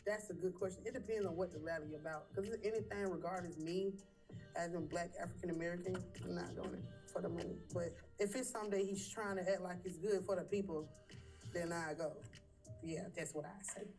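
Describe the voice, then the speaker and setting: A woman answering interview questions bluntly and with profanity, thinking her answers through out loud. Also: fairly low pitch, steady tone, brisk, recorded from a distance, soft background music.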